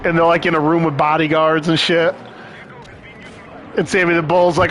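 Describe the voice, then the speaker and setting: A young man streams a game and chats casually, rambling, swearing, and laughing often. His voice is on the high side and fairly bright, with a level tone, moderate pace, and long pauses, plus a little hiss or hum.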